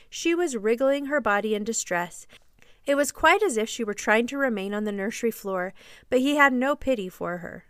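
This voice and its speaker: Storyteller: woman, fairly high, smooth clear voice, expressive audiobook reading. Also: no echo, clean studio sound. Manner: expressive, measured storybook narration. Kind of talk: reading a classic novel aloud.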